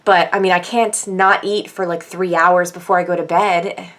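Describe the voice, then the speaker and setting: A woman's voice: fairly even intonation, normal speed, fairly bright tone. A young pregnant woman chatting casually in a vlog, rambling with many fillers. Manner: rambling, with frequent fillers and laughs; acts out quoted people in a higher voice. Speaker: vlogger. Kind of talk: casual chat.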